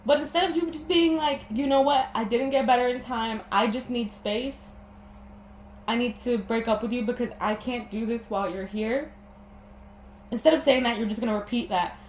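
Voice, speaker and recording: At normal speed and in a slightly high voice, a young woman opens up on her vlog about a breakup. She gets emotional, sniffling through tears and stumbling before restarting. Her echoey room has faint background noise.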